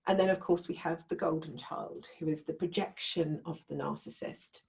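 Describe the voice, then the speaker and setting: A woman's voice: low-pitched, steady tone, normal speed, gravelly, a little mellow. A woman teaching a live group in a conversational way, often checking in with her listeners. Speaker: workshop leader.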